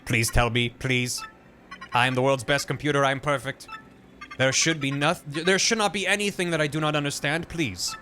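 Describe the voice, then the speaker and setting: A proud talking computer, played by a man, speaking in slow, flat, formal sentences. It sounds precise and self-assured, with a bright, forceful tone and a faint hiss behind it. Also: medium pitch, close to an everyday voice. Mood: stiff, formal. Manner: stiff, measured robotic delivery.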